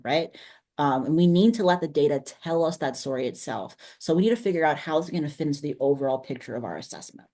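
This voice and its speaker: A trainer giving an online workshop in a conversational way, often checking in with quick tag questions. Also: mid-range voice, mellow.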